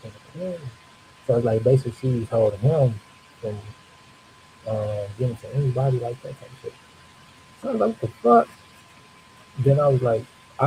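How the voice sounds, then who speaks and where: A man telling a personal supernatural story in a loose, profane, animated way, acting out his own reactions. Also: mid-range voice, rough recording. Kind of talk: casual storytelling livestream. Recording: faint hiss.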